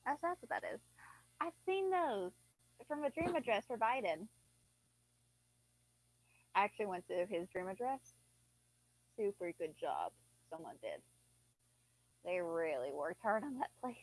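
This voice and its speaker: A woman's voice: mid-range voice, sing-song, unhurried, long pauses, dry recording, rough recording. A young woman chatting casually and drowsily while she plays a life-sim game, now and then yawning. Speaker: gaming vlogger. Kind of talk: casual gameplay commentary.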